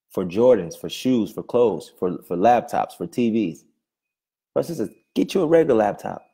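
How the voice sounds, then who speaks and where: A man's voice: on the low side, mellow, husky. A man preaching a sermon with fervor, firing repeated questions at his listeners and often stumbling over his words.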